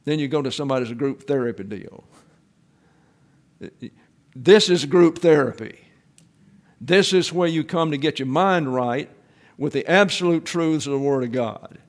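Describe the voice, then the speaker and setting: A man's voice: mid-range voice, normal speed. A man giving a Bible class sermon, explaining terms step by step and often saying "okay". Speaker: Bible teacher.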